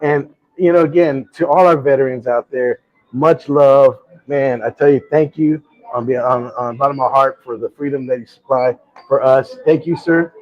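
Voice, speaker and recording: A man's voice: mid-range voice, normal speed, dry recording, highs cut off. A middle-aged man hosting a live talk show, telling a personal story in a rambling, heartfelt way with many restarts. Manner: rambling, repeats words and restarts, emotional. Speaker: host. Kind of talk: casual storytelling chat.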